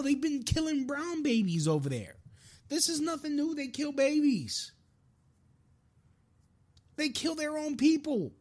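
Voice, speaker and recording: A man hosting a live-streamed podcast, delivering a frustrated, profane political rant with frequent restarts. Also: extremely high pitch. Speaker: podcast host.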